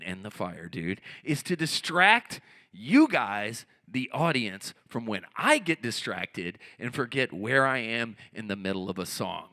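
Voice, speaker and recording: On a theatre stage, a middle-aged American spoken-word performer tells profane, animated stories to a live audience, swinging from hushed asides to shouted outbursts. His gravelly voice is medium in pitch, picked up by a handheld stage microphone.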